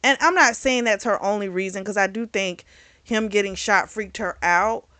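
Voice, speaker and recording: A woman reviewing a book in casual chat, retelling the plot in a chatty, animated way. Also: medium pitch, moderate pace, no echo. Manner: chatty, animated retelling with acted quotes and laughs.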